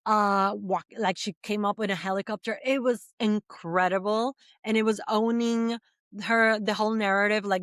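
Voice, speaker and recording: A woman from the Caribbean, a podcast guest, talking in quick, animated bursts full of fillers in casual chat. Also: mid-range voice, dry recording, clean studio sound.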